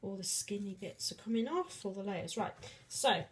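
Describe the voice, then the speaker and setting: A woman's voice: medium pitch, expressive, moderate pace, a little hiss or hum, rough recording. A woman vlogging a casual cooking demonstration in a home kitchen, rambling and self-deprecating with many fillers and restarts, sniffing as onions make her eyes water.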